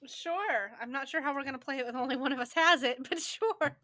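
A woman co-hosting a casual podcast and chatting in a relaxed way. Her voice sits high with a bright tone, and she makes dry, wry remarks and swears casually. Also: a little fast, dry recording. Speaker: podcast co-host. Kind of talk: casual chat.

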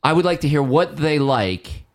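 Male podcast co-host, animated pitch, rambling questions, casual chat. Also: moderate pace. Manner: rambling, circles back with questions.

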